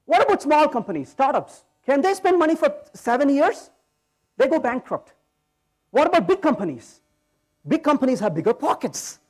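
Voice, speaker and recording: A man giving a conference talk, telling jokes and throwing rhetorical questions at the audience. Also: very high voice. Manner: animated, joking storyteller. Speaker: conference speaker. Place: conference hall stage.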